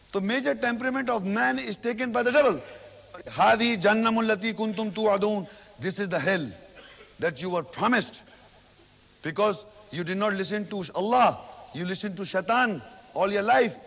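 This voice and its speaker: A man giving a religious lecture, reciting Arabic verses and then explaining them slowly with repetition, recorded in an old 1990s hall. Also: high-pitched, gravelly, a bit bright. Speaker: Islamic lecturer.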